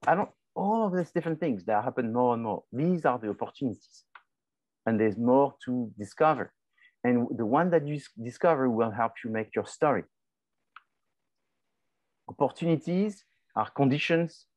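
Male professor, lecture, mid-pitched voice, conversational, dry close sound. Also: lively intonation, moderate pace, pauses often, a little mellow, no echo. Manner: conversational, repeats and restarts phrases, asks and answers his own questions. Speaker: marketing professor. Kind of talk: classroom lecture.

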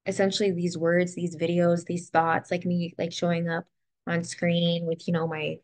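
A young woman talking to the camera in a reflective personal vlog, soft and heartfelt, near tears at times. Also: lowish voice, level tone, moderate pace, no room sound. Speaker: vlogger. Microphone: ring light setup, camera close to face.

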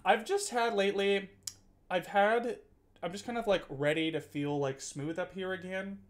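A man's voice: sits high, fairly even intonation, moderate pace. A man in his twenties chatting casually on a live stream, rambling and teasing his chat with frequent laughs and filler words. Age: 20s.

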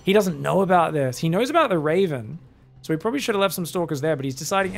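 Aussie guy casting a game by himself, gravelly voice, jokey and chatty. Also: a little high, expressive, quick pace, faint music behind. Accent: Australian. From Australia. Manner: joking, chatty, teasing asides. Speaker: esports caster. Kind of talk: solo game commentary.

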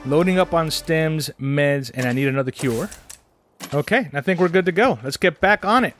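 A man with a fairly high voice gives casual commentary over his own gameplay. He talks himself through each move and tends to repeat phrases. Clear game music and engine noise play behind him. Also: lively intonation, moderate pace, fairly bright tone. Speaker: gaming channel host. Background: game music and vehicle sounds.

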